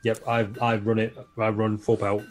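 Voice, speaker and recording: A man playing a tabletop game, brisk and agreeable. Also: fairly low pitch, monotone, soft background music. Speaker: player.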